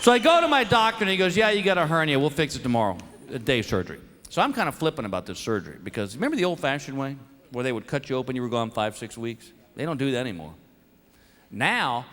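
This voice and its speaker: A middle-aged man doing stand-up comedy, an animated, self-mocking storyteller on stage before a live audience. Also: on the high side, long reverb tail. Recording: live show with crowd laughter and noise.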